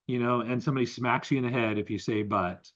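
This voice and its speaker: A man's voice: medium pitch, quick pace, lo-fi sound. A man co-hosting a podcast, chatting casually and explaining ideas with examples. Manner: animated, explains with examples and quotes. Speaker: podcast co-host. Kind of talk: casual conversation.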